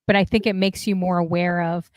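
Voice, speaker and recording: A woman hosting a casual livestream talk show, chatty and friendly with her chat, giving shout-outs as she goes. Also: lowish voice, steady tone, fairly quick, no room sound. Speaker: stream talk show host.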